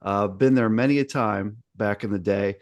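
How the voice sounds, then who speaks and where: A man's voice: fairly low pitch, moderate pace, darkish tone, no room sound, highs cut off. A man hosting a sports podcast, chatting in an upbeat, casual way with lots of fillers. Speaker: podcast host. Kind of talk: casual interview chat.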